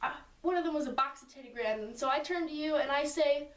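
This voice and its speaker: A woman's voice: sits high, fast, recorded from a distance. A woman telling a friend a story in a casual, rambling way, full of "like" and "and so" asides. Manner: chatty, rambling with many "like" and "and so" asides. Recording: roomy sound from away from the mic.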